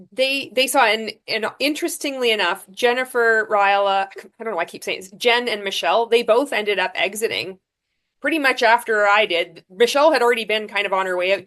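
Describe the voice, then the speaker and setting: A woman guest on a podcast, telling her story frankly, with lively restarts and fillers. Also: mid-range voice. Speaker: podcast guest, former MLM seller. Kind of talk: candid storytelling interview.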